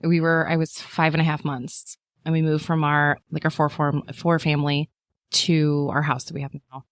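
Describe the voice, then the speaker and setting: A woman in her thirties tells her story in a casual chat, her voice sitting low and the sound close and dry. She talks in a loose, animated way, full of fillers. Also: moderate pace, no echo. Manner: animated storyteller, acts out quotes in a high voice, many fillers. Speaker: podcast guest.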